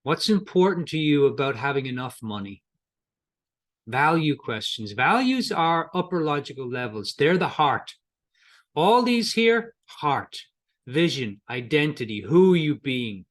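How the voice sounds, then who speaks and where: A middle-aged coaching trainer speaks a little slowly in a slightly high, fairly bright voice with big pitch swings. His lesson is conversational, with repetitions and restarts, and he voices both sides of brief coach-client dialogues.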